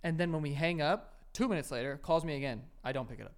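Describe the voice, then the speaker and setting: A man co-hosts a podcast in loose, joking chat. His fairly high voice is smooth and clear, and his wry remarks turn a little defensive when teased. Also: quick pace. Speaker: podcast co-host. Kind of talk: casual banter.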